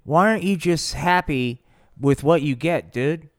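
A man's voice: a little high, measured pace, no echo, clean studio sound. Profane, rambling male storyteller. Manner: profane, rambling, full of slang. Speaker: podcast host. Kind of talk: improvised comedy storytelling.

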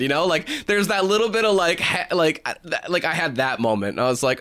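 A man chatting casually on a podcast, animated, filling his speech with "like" and casual swearing. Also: a little high, fairly quick, hardly any pauses. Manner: animated, heavy use of 'like', swears casually. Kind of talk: casual chat.

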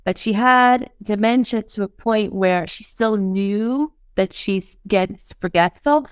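A woman's voice: mid-range voice, slow, smooth, no room sound, studio quality. Earnest woman hosting a podcast. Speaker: podcast host. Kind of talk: casual interview chat.

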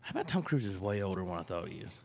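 A man's voice: deep voice, very animated, very fast, big-room sound. A man with an Alabama Southern accent, co-hosting a casual podcast chat and rambling through stories. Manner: chatty, rambling storyteller. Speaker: podcast co-host.

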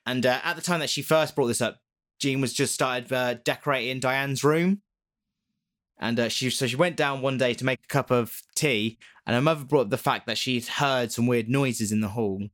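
Male co-host, casual rambling storyteller, mid-pitched, loose and swearing. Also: normal speed. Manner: rambling and animated, swears, laughs often. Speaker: podcast co-host.

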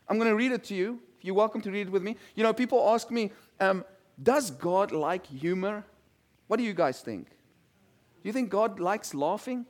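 A man's voice: high-pitched, brisk. A male pastor preaching a sermon and reading scripture, talking conversationally and putting questions to the congregation. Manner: conversational, asks the congregation questions, repeats words.

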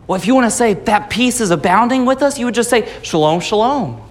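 High-voiced man preaching a sermon. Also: fast talker. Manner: explanatory, repeats phrases for emphasis. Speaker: pastor.

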